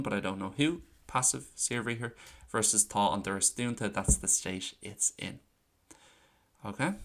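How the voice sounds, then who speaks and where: A man with a lowish voice teaches grammar in a chatty, relaxed way. He walks through examples and slows down to repeat key phrases. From Ireland. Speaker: Irish language teacher. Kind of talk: casual online lesson.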